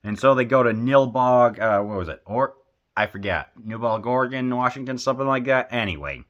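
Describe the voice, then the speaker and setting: A man's voice: mid-range voice, expressive, fairly quick, a bit bright, dull audio. A man casually reviewing a film, rambling and hesitant with many fillers and restarts, sounding befuddled and exasperated.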